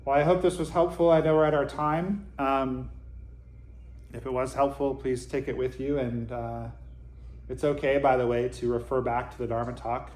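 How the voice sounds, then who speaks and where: A man's voice: mid-range voice, little pitch movement, normal speed, darkish tone. A man giving an informal Zen Dharma talk to his group, conversational with dry self-deprecating humor. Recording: roomy echo.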